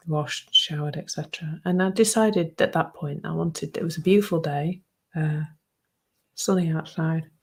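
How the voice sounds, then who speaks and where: Gravelly, husky woman in her fifties. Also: deep voice. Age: 50s. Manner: soft-spoken and reflective, often dropping to a hushed near-whisper. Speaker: speaker sharing a personal reflection. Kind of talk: personal reflective talk.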